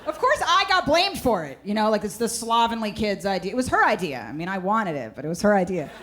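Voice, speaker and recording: A woman doing stand-up comedy with brash, deadpan storytelling on a club stage mic. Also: mid-range voice, fast. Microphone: handheld stage mic. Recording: noisy live stage recording. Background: audience laughter.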